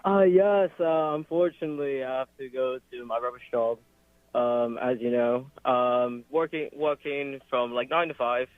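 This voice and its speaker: A man's voice: medium pitch, steady tone, moderate pace, dry recording. A man calling in to a radio show, trying a British accent and stalling with fillers. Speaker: caller. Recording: dry tinny phone line.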